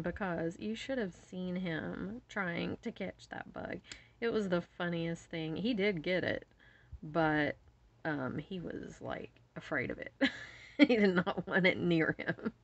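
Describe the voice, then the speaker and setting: Middle-aged craft vlogger, woman, lowish voice, animated and giggly storyteller, slightly muffled home recording. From West Virginia. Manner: animated storyteller, laughs often, acts out her own shrieks. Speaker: jewelry-making video host. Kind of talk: casual chatty storytelling while beading. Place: home bead room.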